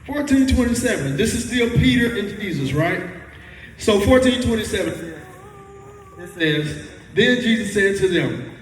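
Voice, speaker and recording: A man's voice: high-pitched, animated, measured pace, a little hiss or hum. A man preaching a sermon in a folksy, conversational way, checking in with the congregation as he goes. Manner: conversational, folksy, quizzes the audience. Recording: echoey hall, mic from far off.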